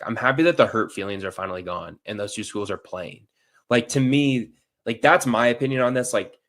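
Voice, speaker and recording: A man with a lowish voice who grew up near St. Louis, guesting on a sports podcast. He talks casually and with feeling, peppering his points with "like.". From near St. Louis, US Midwest. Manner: animated opinions, repeated "like". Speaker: guest reporter.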